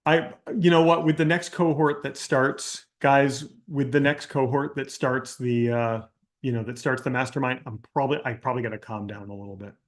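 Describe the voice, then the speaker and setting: A man's voice: medium pitch, moderate pace. A man coaching an online class in a live Q&A, ranting with exasperation and mimicking people in mocking quotes, then walking through a screen-share demo. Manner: calmer screen-share tutorial delivery. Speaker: business coach hosting a live Q&A.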